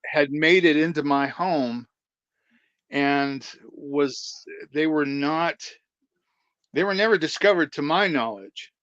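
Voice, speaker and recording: A man in casual chat, speaking hesitantly and slowly with many ums and uhs. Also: a little high, fairly bright tone, dry recording. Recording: dull dry remote audio.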